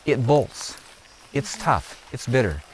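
This gardener guides a tour group through an outdoor garden, speaking slowly in a mid-range voice with huge swings in pitch. His delivery is emphatic and preachy; he repeats his points and keeps asking "are you hearing me?" There's a little hiss or hum on the low-quality recording.

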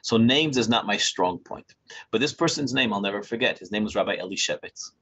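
Animated older male storyteller, husky voice. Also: lowish voice, fairly quick. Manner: animated storyteller who acts out dialogue; chuckles often while talking. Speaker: Torah scribe. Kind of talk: storytelling talk to a small group. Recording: dull lo-fi recording.

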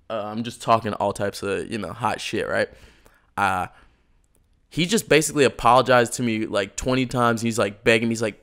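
A man's voice: on the low side, normal speed, a bit bright. A man co-hosting a podcast, telling a story in casual chat, laughing, swearing freely and acting out the people in it. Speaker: podcast co-host.

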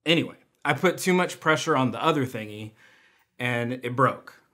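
A man's voice: mid-range voice, expressive, normal speed, bright, forceful tone. A young adult man giving a personal testimony in a church online service, telling stories with self-deprecating humor. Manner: self-deprecating storytelling with laughs. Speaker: church volunteer speaker.

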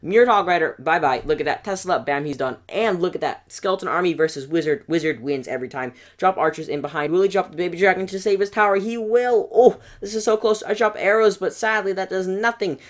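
A gaming channel host provides fast, excitable play-by-play over battle replays, rising to yelps at the big moments. His medium-pitched voice is going hoarse.

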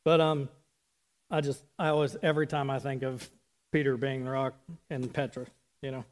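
A man's voice: medium pitch, flat delivery, moderate pace. A man in his thirties giving a casual, chatty sermon with asides. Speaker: preacher.

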